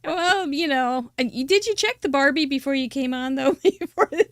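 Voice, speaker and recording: A woman's voice: high-pitched, moderate pace, no room sound, studio quality. A woman hosting a live crafting show, chatting casually, teasing her guest and laughing often. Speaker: host. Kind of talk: casual live-stream chat.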